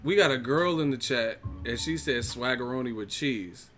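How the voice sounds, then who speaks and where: Guy ranting on his boxing live stream, cussing a lot, roasting ppl in chat, bit of music low in the back. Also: moderate pace, few pauses, fairly bright tone. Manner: profane, mocking ranting. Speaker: boxing channel host.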